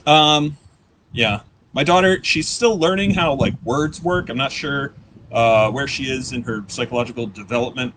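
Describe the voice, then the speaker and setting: A man in his thirties doing a live stand-up set, rambling and self-deprecating with deadpan asides. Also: mid-range voice. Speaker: stand-up comedian. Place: comedy stage before a live audience.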